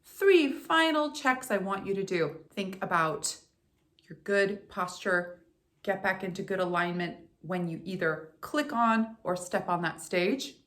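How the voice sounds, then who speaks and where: A woman voice coach guiding a speaking warm-up in an upbeat, encouraging way, talking straight to the listener. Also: mid-range voice, animated, unhurried. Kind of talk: guided warm-up instruction.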